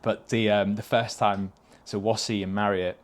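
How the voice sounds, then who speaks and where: A man's voice: on the low side, level tone, normal speed. A man, a podcast guest telling casual anecdotes, swearing freely and laughing through his stories. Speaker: podcast guest, stock car racing driver.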